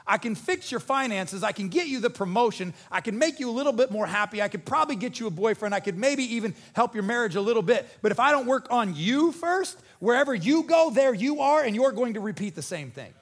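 A man preaching a sermon as pastor, animated and conversational, joking and acting out voices. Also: very high voice, a little fast, few pauses, breathy edge. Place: church.

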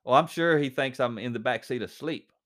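A man voicing a calm, matter-of-fact wife in a read-aloud story, barely changing his own voice. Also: medium pitch, fairly quick, lightly acted.

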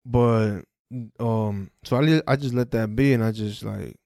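A man hosting a podcast, telling a personal story in a casual, profane, animated way and re-enacting conversations. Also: lowish voice, measured pace, gravelly, dry recording, studio quality. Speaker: podcast host.

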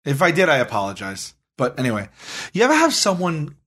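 A man co-hosting a podcast, telling a long story in a casual, animated way and acting out the dialogue. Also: on the high side, a little fast, slightly rough. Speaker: podcast co-host.

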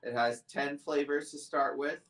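A man's voice: fairly high pitch, fairly even intonation, a little slow, fairly bright tone. A man calling in to a podcast from a tobacco shop, chatty and rambling as he talks casually. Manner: chatty, rambling, laughs easily. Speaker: guest, product maker. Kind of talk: casual roundtable chat. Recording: roomy, distant from mic.

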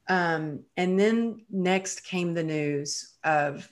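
Low-voiced woman telling her story. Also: extremely slow. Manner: candid, vivid retelling with frequent "you know" and "um". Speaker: podcast guest. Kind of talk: personal storytelling in an interview.

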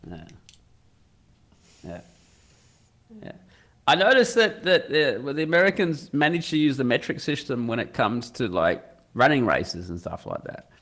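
A man's voice: mid-range voice, very animated, moderate pace, long pauses, a bit bright. A man with an Australian accent chatting casually, acting out quoted lines in put-on voices. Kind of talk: casual chat.

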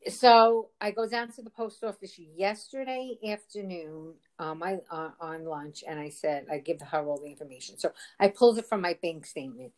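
A woman's voice: lowish voice, moderate pace, hardly any pauses, a little mellow. A woman in casual conversation, retelling a frustrating ordeal in a rambling, exasperated way, quoting what others said. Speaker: storyteller. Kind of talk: casual phone chat.

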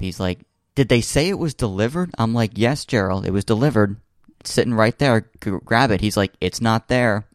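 A man's voice: fairly low pitch, no echo, clean studio sound. A young man casually telling a long funny story, full of fillers and restarts. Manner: rambling, many fillers and restarts, laughs while telling. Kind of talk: casual chat.

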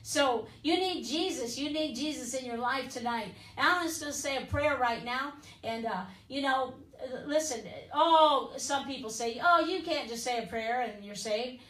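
A woman preacher in a fervent broadcast sermon with a high, bright-toned voice. She pleads with her listeners and leans on "listen" and "amen?". The sound is roomy and echoing, with her standing back from the microphone. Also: moderate pace, few pauses, distant mic. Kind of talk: broadcast sermon and altar call.

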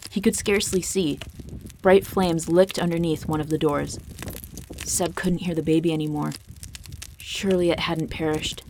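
A woman reading a fantasy story aloud as the narrator, in a steady, measured way. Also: deep voice, creaky, slight background noise.

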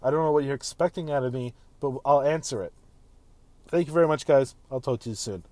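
A man's voice: medium pitch, fairly quick, mellow, no room sound, low-quality recording. A man in his thirties hosting a casual solo podcast while driving home, rambling in a laid-back way and swearing freely. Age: 30s. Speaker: podcast host.

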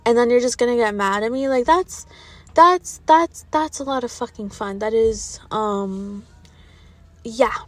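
High-voiced woman venting on a vlog. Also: a little slow. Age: 30s. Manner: candid, profane, rambling, animated retelling. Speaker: social media creator. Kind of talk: casual storytime vent to viewers.

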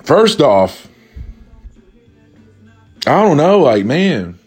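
A man's voice: medium pitch, sing-song, extremely slow, husky, soft background music. Rambling, cussing man. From Kentucky. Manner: rambling, swears constantly, many restarts and fillers. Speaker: vlogger. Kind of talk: profane comedic rant.

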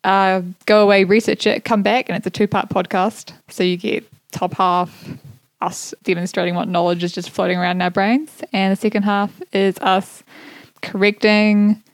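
A woman's voice: mid-range voice, little pitch movement, moderate pace, dry recording. Woman, podcast co-host, playful and giggly, very dry close recording. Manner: playful, laughs often. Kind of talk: casual chat.

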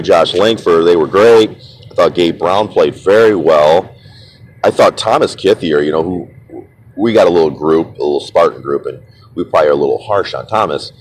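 A man's voice: sits low, breathy edge, rough recording. A man hosting a casual sports talk show, opinionated and chatty, often stumbling and repeating words and laughing as he teases.

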